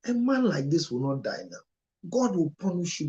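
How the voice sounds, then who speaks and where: Male counselor, emotional monologue, sudden loud high outbursts, near tears. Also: sing-song, moderate pace, muffled recording. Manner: emotional, with sharp rises in pitch and loudness. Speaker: marriage counselor.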